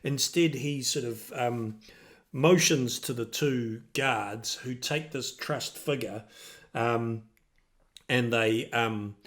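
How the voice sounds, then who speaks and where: Game master narrating a tabletop game, a man, slow and halting. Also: medium pitch, fairly bright tone. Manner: hesitant, many ums and restarts.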